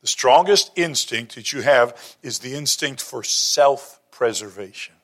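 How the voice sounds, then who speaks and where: A man's voice: medium pitch, animated, measured pace, fairly bright tone. A man preaching a sermon, telling stories and quoting scripture, with emphatic rises in his delivery. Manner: storytelling, rising to emphatic bursts.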